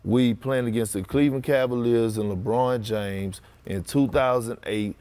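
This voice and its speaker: A former basketball player telling a story in relaxed, chuckling talk. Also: male voice, mid-range voice, moderate pace, background noise. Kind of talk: casual storytelling.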